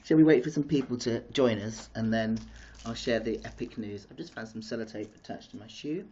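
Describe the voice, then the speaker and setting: An excitable man talks to his viewers on a live stream, bursting with energy and wandering off topic. His voice sits at an ordinary pitch for a man. The sound is dull and lo-fi, like a streaming device mic. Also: a little fast, husky. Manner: excitable, chatty, greets viewers and goes off topic. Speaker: vlogger hosting a live stream. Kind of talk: casual live-stream chat.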